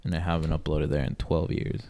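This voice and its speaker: A man's voice: very deep voice, little pitch movement, brisk, dark tone. A man in his twenties chatting casually as a podcast co-host, rambling and slangy, saying bro a lot. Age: 20s. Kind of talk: casual chat.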